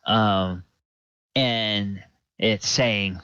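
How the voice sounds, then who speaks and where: A man's voice: on the low side, slow, a bit bright, dry recording, highs cut off. A man narrating a tabletop game as game master, hesitant and full of ums and restarts.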